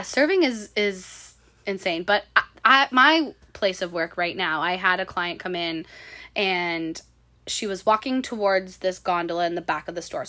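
A woman's voice: lowish voice, pushed and bright. A young woman, hosting a podcast and telling stories in casual chat, acting out the quotes. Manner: chatty storyteller, acts out quotes, laughs often. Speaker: podcast host.

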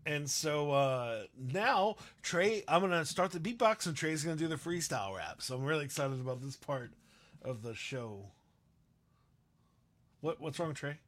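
Male co-host, slightly raised pitch, frank and self-mocking, quick to laugh. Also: lively intonation, fairly bright tone. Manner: candid, self-deprecating, laughs often. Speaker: co-host and beatboxer. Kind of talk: casual live-stream chat.

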